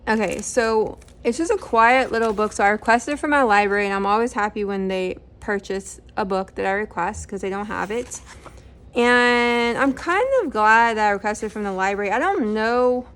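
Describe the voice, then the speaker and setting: A woman's voice: medium pitch, normal speed, fairly bright tone, slight background noise. A middle-aged woman casually talking through books she has read, rambling with lots of fillers and self-corrections. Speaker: book channel host. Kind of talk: casual book review chat.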